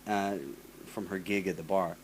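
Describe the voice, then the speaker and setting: A man's voice: low voice, moderate pace, slight background noise. A man hosting a casual chat, telling a long story full of profanity, repeating himself and mimicking the people in it. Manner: profane, animated, restarts often, mimics others. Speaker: podcast host.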